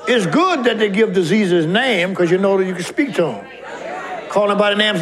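A fervent male preacher with a high, ringing voice, shouting scripture and urging his congregation on. A live church crowd is clearly heard behind him. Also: animated, normal speed. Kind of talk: sermon.

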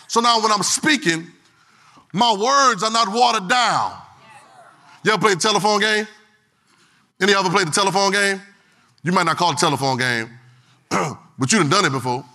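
Man, preacher, church service, high bright voice, call-and-response and shouts. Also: animated, normal speed, pauses often. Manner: call-and-response with the congregation, swings from quiet to shouting. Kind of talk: sermon.

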